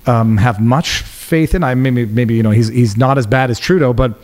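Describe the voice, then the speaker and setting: A man from Canada, a guest on a podcast, talking politics in a rapid, animated way with frequent restarts and trailing phrases. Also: mid-range voice. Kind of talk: casual political chat.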